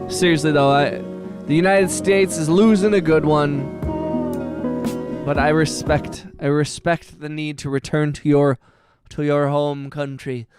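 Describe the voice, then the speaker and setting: A young man talks in a fairly high voice, chatting casually on a live stream. He jokes and teases in a loose, laughing way. Clear music with brass sounds plays behind him. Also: fairly even intonation, measured pace, darkish tone. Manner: joking, teasing banter with frequent laughs. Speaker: livestreamer making music. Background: music from his production session with brass sounds.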